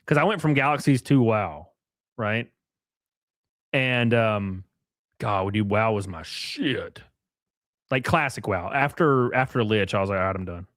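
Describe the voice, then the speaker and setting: A man's voice: lowish voice, lively intonation, a little slow, long pauses, fairly bright tone, no echo, studio quality. A man hosting a casual livestream, talking bluntly with plenty of swearing and reading out viewer messages. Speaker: livestream host.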